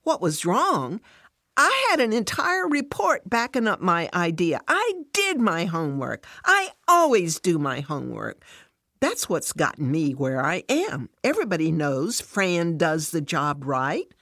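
A woman's voice: lowish voice, lively intonation, unhurried, no room sound, studio quality, voice pushed up. A woman reading as a touchy, tearful working mom. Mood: defensive. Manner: indignant, near tears. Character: defensive, touchy working mother, adult woman.

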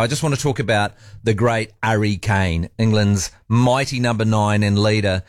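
A man's voice: on the low side, moderate pace, few pauses, faint music behind. A New Zealand man hosting a talk radio show, chatty and jokey. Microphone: studio microphone.

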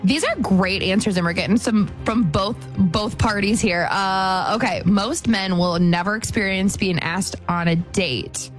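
A woman's voice: medium pitch, unhurried, hardly any pauses. A female radio co-host who sounds playful and chatty as she reads listener texts aloud. A faint music bed sits under her voice. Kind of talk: casual morning radio banter.

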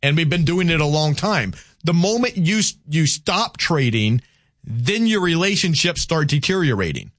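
A Southern American man hosts a call-in radio show in a slightly high voice. He stumbles and repeats words as he thinks aloud, then turns firm and argumentative when pushing back on a caller. The sound is dry and close, with no room around it. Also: big pitch swings, moderate pace, a bit bright, no room sound. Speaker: radio talk show host.

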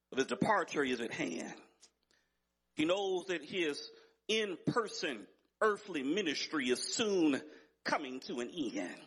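A male pastor preaching with a husky, slightly breathy voice that sits high for a man. His delivery swings widely in pitch, emphatic and rising in intensity as he repeats his phrases. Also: a bit bright. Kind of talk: sermon.

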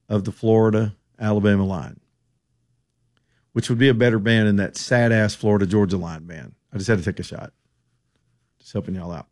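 Middle-aged man from the US South, radio talk host; lowish voice, sarcastic, folksy, rambling. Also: a little fast. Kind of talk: opinionated political talk radio.

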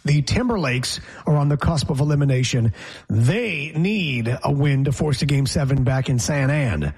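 A man hosting a sports talk show, chatting casually and running through the schedule with animated, opinionated commentary. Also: medium pitch, normal speed, husky. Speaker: sports radio host.

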